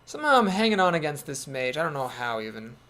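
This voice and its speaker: A man's voice: on the high side, big pitch swings, fast talker, a bit bright, a little hiss or hum. A man giving casual commentary on a card game, thinking aloud in a wry, self-doubting way. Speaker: gameplay commentator.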